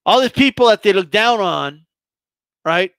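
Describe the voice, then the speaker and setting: A man's voice: high voice, expressive, unhurried, a bit bright, smooth, dry recording. A man hosting a boxing channel, ranting heatedly with lots of swearing and stammered restarts. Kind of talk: profane casual rant.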